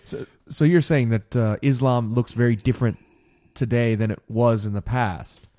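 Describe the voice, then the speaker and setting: A man's voice: mid-range voice, moderate pace, dark tone. A man hosting a talk show, asking hesitant questions with frequent restarts. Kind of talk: Christian talk show discussion.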